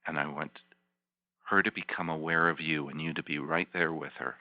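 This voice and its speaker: A man, a healing practitioner, leading a volunteer through slow guided imagery with soft, repetitive, soothing coaching. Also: rumbling low, steady tone, no echo. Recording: dull lo-fi teleconference line.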